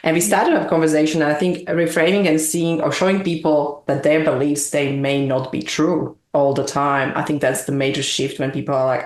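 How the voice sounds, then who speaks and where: A woman's voice: deep voice, steady tone, moderate pace, hardly any pauses. A woman guest in an interview, talking earnestly in long, winding explanations. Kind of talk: reflective interview talk. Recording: echoey room.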